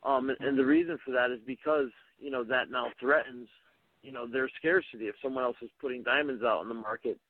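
A man, himself a radio host, talking casually as a guest, halting and full of "you know" and restarts. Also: mid-range voice, no room sound. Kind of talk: casual call-in conversation. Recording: tinny phone line.

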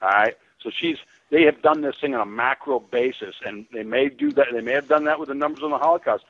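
A man's voice: mid-range voice, quick pace, a bit bright, no room sound. Caller: American man, rambling, heavy restarts, muffled dry phone-in line. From United States. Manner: rambling, many restarts and fillers. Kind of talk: call-in radio rant.

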